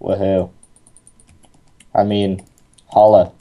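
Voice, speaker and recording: A man's voice: low-pitched, level tone, extremely slow, highs cut off. A young man playing a game with a friend, teasing and sarcastic in casual chat. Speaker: co-host gamer.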